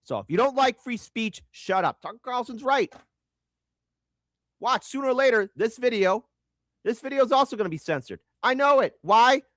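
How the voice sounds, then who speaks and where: A man hosting a political commentary show, ranting in a mocking, crude and sarcastic way with shouted jabs. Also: very high voice, animated, normal speed, no echo, studio quality. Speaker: show host.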